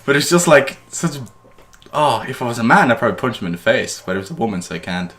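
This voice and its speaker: A man co-hosting a casual podcast, telling a story in a fast, rambling way with restarts and indignant bursts. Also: mid-range voice, sing-song, a bit bright. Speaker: podcast co-host.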